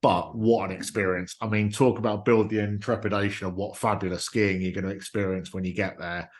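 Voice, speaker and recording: A man's voice: on the low side, level tone, a little fast. A man hosting a podcast, telling a travel story with enthusiasm in casual chat. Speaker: podcast host.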